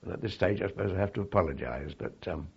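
Husky older man, low voice. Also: highs cut off. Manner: halting, reflective, with many fillers and restarts. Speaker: interviewee. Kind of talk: oral history recollection.

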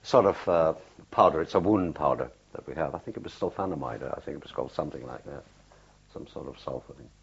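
An older man with a very low, husky voice recalls his wartime days in an oral history interview. He tells it haltingly, circling back with fillers and restarts. The recording is dull and lo-fi, like an old archive tape. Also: animated. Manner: halting, unhurried storytelling with many fillers and restarts. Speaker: war veteran interviewee.

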